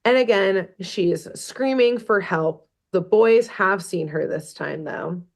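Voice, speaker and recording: A woman's voice: medium pitch, takes it slowly, vocal fry. A woman podcast host casually retelling a cartoon episode, laughing often and swearing offhandedly. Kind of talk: casual chat.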